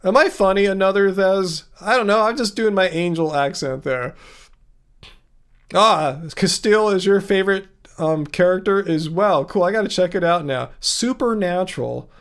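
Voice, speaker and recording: A man's voice: high-pitched, fairly bright tone, clean tone. A man hosting a live Q&A stream, reading chat comments and answering with playful sarcasm. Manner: sarcastic, playful, quick retorts. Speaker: livestream host.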